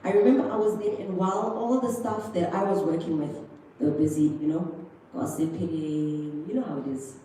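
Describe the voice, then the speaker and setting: Speaking straight to the crowd at a school prize-giving, this South African woman gives a chatty, motivational talk and mimics others' voices along the way. She sounds warm and steady, pitched on the low side at a normal speed. A faint hiss or hum sits under the echoey hall sound, picked up by a distant mic.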